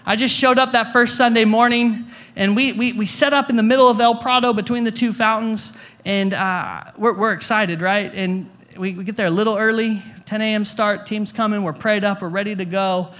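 A man's voice: high-pitched, steady tone, normal speed, few pauses, fairly bright tone. A young adult man preaching a storytelling sermon as a guest pastor, talking conversationally with jokey asides and stumbling through lots of repeated words. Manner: stammering restarts, repeats words.

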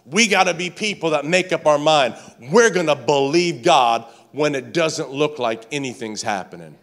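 A man preaching a sermon, passionate and repetitive, building to shouts. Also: on the high side, lively intonation, normal speed. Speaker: pastor.

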